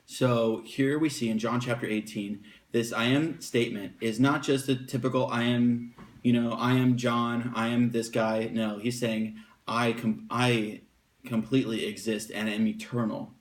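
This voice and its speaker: A man teaching about a Bible passage in a relaxed, unscripted way, with fillers, slowing down whenever he reads verses aloud. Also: medium pitch.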